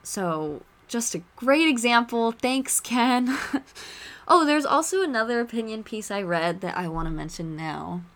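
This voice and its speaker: A woman hosting a podcast, chatting casually and retelling movie scenes with lively asides. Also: on the high side, measured pace. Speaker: podcast host.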